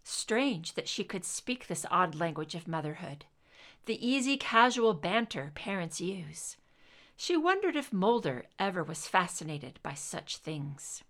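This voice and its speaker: A woman reading a story aloud as narrator, in an expressive, unhurried way. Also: on the low side. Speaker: reader.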